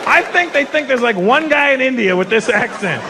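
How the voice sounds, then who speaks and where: Brash, animated man doing stand-up. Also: very high voice, a little fast, background noise. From Canada. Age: 50s. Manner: brash, profane storytelling. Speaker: stand-up comedian. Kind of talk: stand-up comedy set. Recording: live stage mic with loud crowd. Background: audience laughter and applause.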